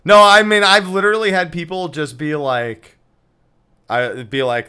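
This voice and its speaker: A man's voice: high voice, fairly even intonation, unhurried, bright, forceful tone, clear, resonant tone. A man co-hosting a casual podcast, making dry, teasing remarks. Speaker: podcast co-host.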